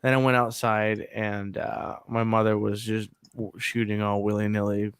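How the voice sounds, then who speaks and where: A man's voice: on the low side, little pitch movement, moderate pace, smooth, no echo. Rambling storytelling man, dry mic. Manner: rambling storytelling, laughs often. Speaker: podcast co-host. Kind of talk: casual chat.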